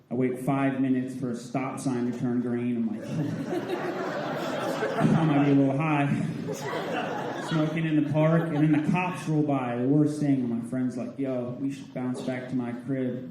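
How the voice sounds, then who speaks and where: A man in his twenties doing a stand-up comedy set in a theatre, telling stoner stories with a laid-back, deadpan delivery. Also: mid-range voice. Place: theatre stage with audience. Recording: roomy theatre live recording. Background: audience laughter.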